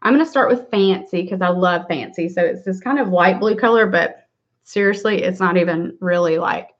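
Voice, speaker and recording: A woman's voice: fairly low pitch, moderate pace. A middle-aged woman hosting a casual makeup livestream tutorial, chatty and upbeat, greeting viewers by name. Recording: slightly dull lo-fi livestream audio.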